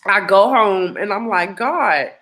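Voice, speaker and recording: A woman giving an emotional personal testimony, animated and acting out what others said to her. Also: mid-range voice, moderate pace. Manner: animated storyteller acting out quoted dialogue. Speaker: testimony guest.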